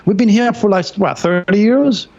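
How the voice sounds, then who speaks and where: A man's voice: high-pitched, normal speed, darkish tone, pitched above the performer's own voice. A puzzled old beach shopkeeper, as a man puts him on, answers in a raised, incredulous voice. The sound is dull and lo-fi.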